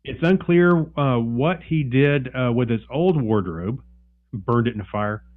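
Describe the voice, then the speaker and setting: A male podcast co-host reads a news story aloud in casual chat, stumbling over restarts and fillers. His voice sits at a middle pitch, and the audio is dull and lo-fi. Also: faint music behind. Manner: halting, many fillers and restarts.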